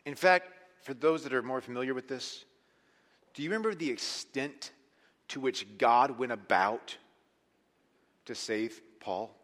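A man preaching a sermon as pastor, animated and emphatic, dropping to hushed lines and rising to loud ones. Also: mid-range voice, unhurried, long pauses. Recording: long hall reverb.

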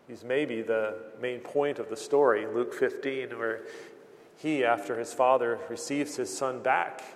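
Male preacher, earnest and plain-spoken, gravelly voice, long reverberant hall. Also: medium pitch. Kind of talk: sermon.

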